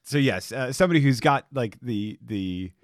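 Lively, playful male podcast host. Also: medium pitch, moderate pace, no room sound, studio quality. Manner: playful, teasing, swearing. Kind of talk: casual podcast chat.

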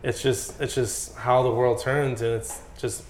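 A man's voice: mid-range voice, unhurried, roomy sound, slight background noise. A man talking as a guest pro BMX rider in a casual podcast chat, telling stories with lots of swearing. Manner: profane, animated storytelling.

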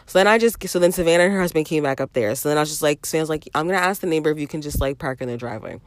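A woman's voice: low-pitched, very fast, dry recording. A woman in her thirties telling a rambling story to her viewers in a casual vlog, repeating phrases and often calling out to them directly. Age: 30s. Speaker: vlogger.

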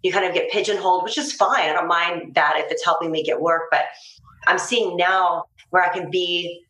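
A chatty woman talks in a casual interview, lively and quick to laugh. Her voice sits a little low for a woman. The room around her rings with a clear echo. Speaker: actress guest. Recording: roomy echo.

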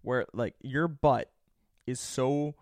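Animated, swearing young man telling a story. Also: mid-range voice, takes it slowly, no room sound, studio quality. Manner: animated, profane storyteller who laughs often and mimics others. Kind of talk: casual storytelling chat.

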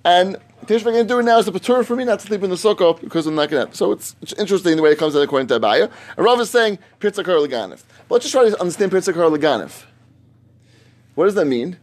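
A man with a high-pitched, expressive voice teaches a Talmud study class at a fast clip. He reasons aloud, stressing and repeating phrases, and takes questions from students.

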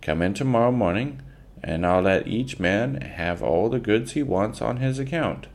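A man doing a cool, steady frontier father. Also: on the low side, moderate pace, voice pushed up. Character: calm, firm frontier father facing a mob.

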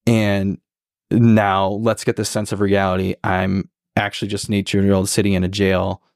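Low-voiced man in his twenties, storytelling. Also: normal speed, no echo, studio quality. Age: 20s. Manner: relaxed, reflective, many filler words. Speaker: podcast guest. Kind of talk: casual storytelling conversation.

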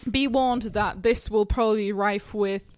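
A woman's voice: mid-range voice, fairly even intonation, normal speed, clear, resonant tone, no echo. A woman co-hosting a podcast in casual chat, chatty and self-deprecating, laughing often. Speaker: podcast co-host.

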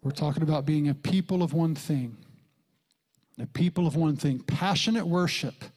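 A middle-aged man preaching a sermon as a pastor, telling a story with lively jumps in pitch and soft whispered quotes. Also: normal speed.

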